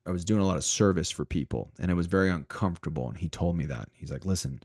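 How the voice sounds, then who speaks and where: A man's voice: deep voice, quick pace, hardly any pauses, a little mellow, no echo, studio quality. A man co-hosting a podcast, talking animatedly in a motivational way, repeating himself and speaking straight to the listeners. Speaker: podcast co-host.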